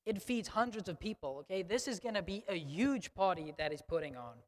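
A male pastor preaches a sermon emphatically and conversationally in a church sanctuary, frequently checking in with the congregation by asking "okay?". His high-pitched voice has lively intonation and moves a little fast, with long church reverb on the recording.

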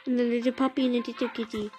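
Excitable female gamer, high voice. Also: rough recording. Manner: chatty and excitable, talking to viewers while playing. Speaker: gameplay video maker. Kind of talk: casual gameplay commentary. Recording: loud game music behind.

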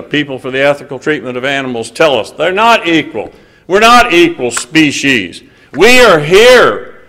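A man preaching a conversational sermon, reading scripture aloud, stressing words and often pausing on "uh" while joking with the audience. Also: medium pitch, fairly bright tone, rough recording. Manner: emphatic, hesitant "uh" fillers, banter with the audience. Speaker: preacher at a lectureship.

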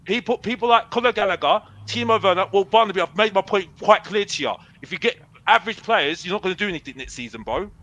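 A football fan on a fan show argues heatedly in a high, expressive voice, talking fast with few pauses, his tone pushed and bright. Brash and boastful, he repeats himself and calls himself Mister Box Office. The audio is dull.

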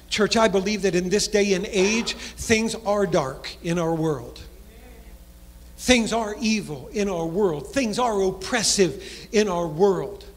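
Preacher man, really high voice, drops soft then rushes, big church echo. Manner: preaching cadence, drops low and soft for emphasis, then speeds up. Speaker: pastor. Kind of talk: sermon. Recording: long hall reverb in a church.

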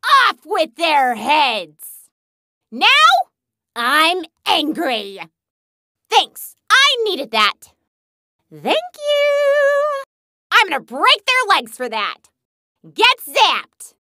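A woman's voice: extremely high pitch, very animated, extremely slow, pauses often, pushed and bright, no echo, studio quality, heavily acted. A woman voicing a hyper, gleeful young huntress in a video game who loves smashing things, bubbly and bouncy. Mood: battle-hungry. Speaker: game character.

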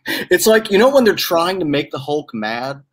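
A man from Chicago tells stories over a video call with comic timing and lively delivery. His voice sits a little higher than most men's. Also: moderate pace. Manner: comic, animated storyteller. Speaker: guest. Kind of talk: casual video-call chat, storytelling.

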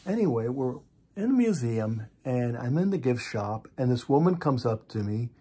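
An older man telling a personal anecdote in a wry, deadpan way, full of asides. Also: mid-range voice, moderate pace, husky. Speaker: vlogger.

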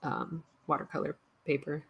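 A woman art instructor chatting casually while painting, relaxed and dry-humored. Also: low-pitched, moderate pace, vocal fry, a little hiss or hum. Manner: relaxed, dry humor, reads viewer comments.

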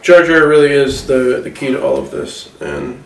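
A man's voice: medium pitch, very animated, normal speed, vocal fry, echoey room, recorded from a distance, poor audio. A man playing a rambling, boastful movie mogul. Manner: rambling, distracted, boastful, defensive. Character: older male film mogul, rambling, self-important. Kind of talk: satirical mock interview.

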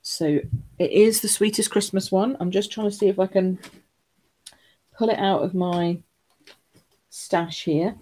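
A woman's voice: medium pitch, fairly even intonation, measured pace, pauses often, mellow. A woman hosting a live craft stream, chatting casually, rambling and answering viewer comments as she shows cards. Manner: chatty, rambling, loses her train of thought.

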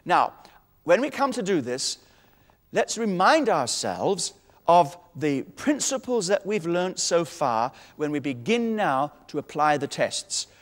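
A man's voice: fairly high pitch, very animated, slow, big-room sound. A man preaching a sermon, teaching with emphatic authority and quoting scripture.

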